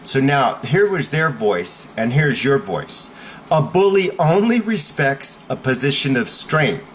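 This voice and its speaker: Emphatic slow-talking male coach. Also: mid-range voice, very animated, slight background noise. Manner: emphatic, repeats "okay?" to check in; forceful, blunt instruction. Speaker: self-defense coach. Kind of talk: motivational coaching talk.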